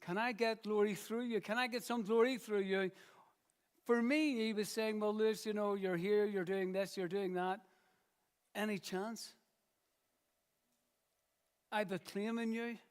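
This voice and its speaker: A man with a high voice preaching in church. He speaks earnestly and stretches out key phrases with slow pauses, repeating them for emphasis. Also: steady tone, clear, resonant tone. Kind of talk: sermon.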